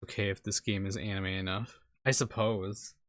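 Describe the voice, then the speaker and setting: A man streaming a visual novel, reading its narration aloud and adding casual, halting asides with stammered restarts. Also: on the low side, level tone, fairly bright tone.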